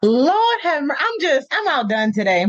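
A woman's voice: sits high, big pitch swings, normal speed, slight background noise. A woman hosting a podcast interview, effusive and gushing in casual chat. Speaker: podcast host. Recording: muffled lo-fi audio.

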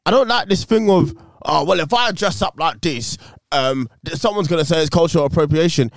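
A man's voice: fairly high pitch, brisk, no room sound, studio quality. A man co-hosting a podcast in casual chat, blunt and opinionated, swearing freely. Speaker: podcast co-host.

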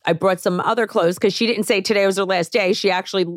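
Talking fast in a mid-range voice, a woman podcast host relates a story in casual conversation. She's an animated storyteller who performs the voices of the people she quotes, and the studio-quality recording has no echo.

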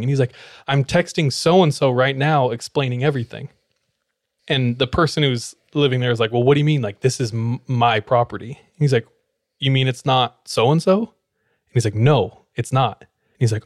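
A man's voice: mid-range voice, a little fast, no room sound, clean studio sound. A man, a podcast co-host, casually telling a story and acting out the lines of the people in it. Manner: animated, acts out quoted dialogue.

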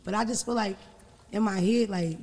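A woman with a deep, raspy voice, talking loudly and bluntly in a casual chat, swearing freely and telling animated stories. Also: moderate pace, in a large hall.

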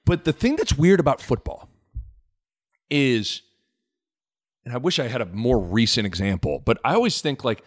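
A man's voice: mid-range voice, moderate pace, long pauses. Guy hosting a sports talk podcast, voice jumps all over, joking and rambling. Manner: animated, joking, rambling asides. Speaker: podcast host.

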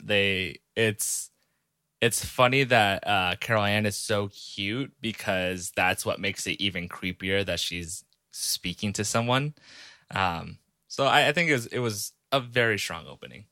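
A young man co-hosting a movie podcast, talking slowly and hesitantly with many fillers in casual chat. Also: on the low side, pushed and bright, dry recording, studio quality. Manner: hesitant, many fillers and restarts, slow and careful. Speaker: podcast co-host.

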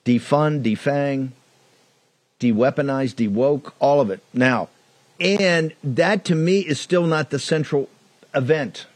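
A man's voice: mid-range voice, slow, no room sound. A man hosting a political talk show, delivering a combative, mocking monologue with lots of repetition.

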